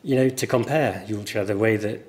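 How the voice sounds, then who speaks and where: A man with a mild northern English accent, a teacher giving a relaxed guest interview and telling stories thoughtfully at length. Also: fairly low pitch, a little fast. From northern England. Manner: thoughtful, anecdotal, explains at length.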